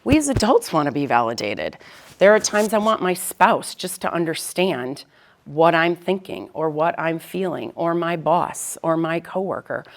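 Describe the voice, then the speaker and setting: A middle-aged woman counselor talks parents through a practical approach in a conversational way, often checking in with "right?". Her voice sits low with a gravelly, fry-tinged edge. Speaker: school counselor presenter. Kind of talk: parent education talk.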